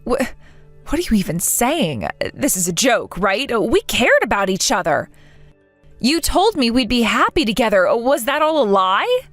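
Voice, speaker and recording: A woman's voice: a little high, very animated, normal speed, a bit bright, dry recording, faint music behind. A woman voicing a hurt but determined young bride, speaking earnestly and emotionally, in a dramatized text story. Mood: bewildered.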